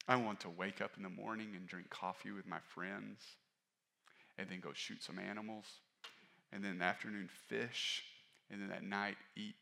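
A male pastor preaching a sermon in a candid, conversational way, rising to stress points and dropping low and quiet for personal asides. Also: normal speed, vocal fry, long pauses. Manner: candid, conversational preaching that rises and falls in force.

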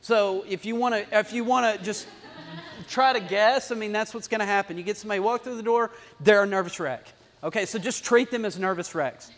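Guy preaching in church, real high voice, repeats stuff and gets loud, big echoey hall. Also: a little fast. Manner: animated, repetitive, builds to emphatic bursts. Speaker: pastor. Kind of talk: sermon. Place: church sanctuary. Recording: long hall reverb.

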